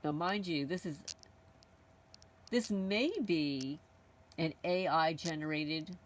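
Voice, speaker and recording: A woman's voice: sits low, slow, a little hiss or hum. A woman hosting her own channel, talking casually to camera in a blunt, outspoken way and often circling back to repeat her points. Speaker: channel host.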